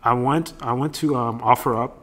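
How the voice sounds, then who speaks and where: A young man, a podcast guest, telling his story in a relaxed, easygoing way. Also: mid-range voice, normal speed. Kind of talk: casual storytelling chat.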